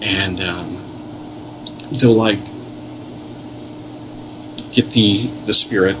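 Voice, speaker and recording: A man's voice: fairly low pitch, background noise. A man, a paranormal investigator, telling earnest, rambling stories in a casual interview. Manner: earnest, rambling storyteller with many restarts.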